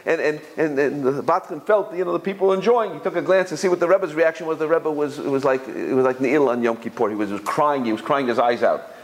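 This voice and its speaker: Slightly high-voiced man teaching informally. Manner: halting, repeats words while searching for phrasing; storytelling, jumps higher when quoting others. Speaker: Torah teacher. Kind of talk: informal religious lecture with stories.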